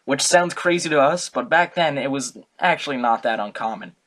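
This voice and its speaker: A man's voice: medium pitch, normal speed, a bit bright. A young man giving a casual, comic student talk, rambling, joking and correcting himself as he goes. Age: young adult. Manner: rambling, jokey, self-correcting. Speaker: student presenter.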